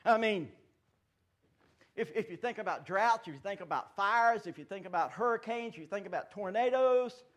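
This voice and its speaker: A man in his fifties preaching a sermon in a church, folksy and joking, swinging between loud declarations and hushed asides. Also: high voice, lively intonation, moderate pace. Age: 50s. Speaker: pastor. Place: church sanctuary.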